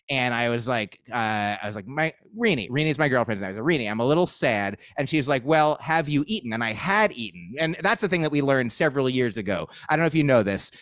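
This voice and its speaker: A man's voice: mid-range voice, a bit bright, dry recording, studio quality. A man doing a rambling, self-deprecating stand-up set on a video call. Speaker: comedian.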